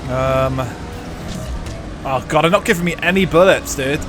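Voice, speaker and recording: A man's voice: on the high side, moderate pace, background noise. A young man streaming a racing game live, chatting casually with viewers, rambling and swearing with lots of fillers. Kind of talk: live gameplay commentary and chat.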